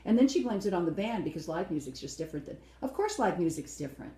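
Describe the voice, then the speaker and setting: Woman co-host, blunt and opinionated; low, mellow voice; echoey room. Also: big pitch swings, fast talker. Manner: opinionated, blunt, acts out quotes. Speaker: co-host reviewing a dance show. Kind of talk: casual chat review.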